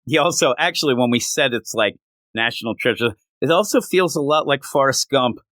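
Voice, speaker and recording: A man co-hosting a podcast, chatting casually in an animated, rambling, joking way. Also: mid-range voice, brisk, no echo. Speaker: podcast co-host. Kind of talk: casual chat.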